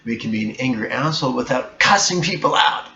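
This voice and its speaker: A man giving a reflective spiritual talk as a meditation teacher, slow, deliberate and bluntly emphatic. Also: mid-range voice, lively intonation, pushed and bright. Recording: echoey room, dull sound, faint hiss.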